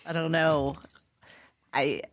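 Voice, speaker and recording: A city staff member giving a halting tribute with many fillers at a council meeting. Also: mid-range voice, level tone, slight background noise.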